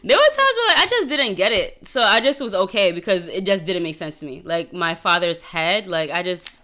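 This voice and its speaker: A woman with a bright, forward voice, co-hosting a casual podcast. She talks expressively and breaks into laughter easily. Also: on the low side, big pitch swings, fairly quick. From Haitian family. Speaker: podcast co-host. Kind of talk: casual chat.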